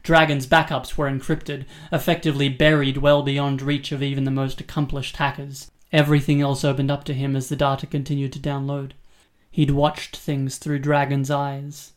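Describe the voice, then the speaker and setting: A male audiobook narrator with a steady, even reading style. His pitch sits in a middle register and hardly moves, so the delivery sounds controlled and measured throughout.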